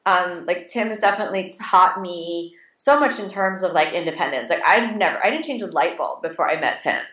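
A woman's voice: fairly low pitch, fairly quick. Chatty woman in an echoey room. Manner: animated, many restarts and fillers, acts out her own reactions. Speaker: interview guest. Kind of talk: casual conversational storytelling.

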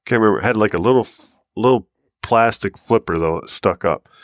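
An American man telling a long hunting story in casual podcast chat, acting out quotes with bursts of excitement. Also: a little fast, dry recording, studio quality. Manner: animated storyteller, rises high and loud when acting out quotes. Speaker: podcast co-host.

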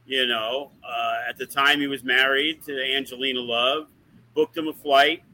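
A man's voice: medium pitch, fairly even intonation, unhurried, pushed and bright, low-quality recording. A man who is a wrestling promoter, telling rambling, profane stories in a casual podcast chat. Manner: profane, rambling, uses lots of fillers.

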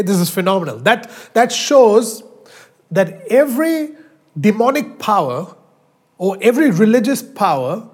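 A man preaching a sermon as pastor, emphatic, slowing down and stretching out key phrases. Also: high-pitched, a little mellow, slightly rough. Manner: emphatic, drawn-out preaching with slow stressed phrases.

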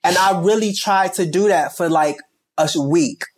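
Interview guest: a stylist from Chicago with a Chicago accent, emphatic and rambling. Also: male voice, high-pitched, normal speed. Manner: emphatic, rambling with many restarts. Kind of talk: candid interview talk.

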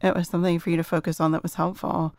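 A woman's voice: on the low side, little pitch movement, rapid-fire, darkish tone, dry recording, clean studio sound. A middle-aged woman explaining parenting ideas earnestly in a casual chat.

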